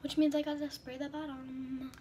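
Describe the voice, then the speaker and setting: A woman's voice: high-pitched, level tone, normal speed, warm tone, slight background noise. A woman vlogging as she does her makeup, chatty and flustered, often dropping to a whisper. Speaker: beauty vlogger. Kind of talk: casual vlog chat while doing makeup.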